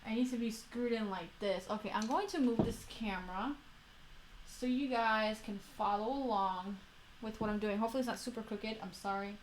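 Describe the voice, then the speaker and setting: A woman's voice: a little high, moderate pace, slight background noise. A young woman with a Florida accent, chatting casually on a livestream while building a model kit, rambling and correcting herself as she goes.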